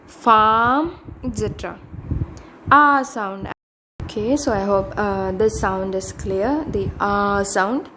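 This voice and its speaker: A woman with an Indian English accent teaching pronunciation, saying example words slowly and repeating them, with many fillers. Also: medium pitch, sharp tone, slight background noise. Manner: slow, deliberate, repeats each word, many fillers. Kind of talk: slow phonetics lesson with example words.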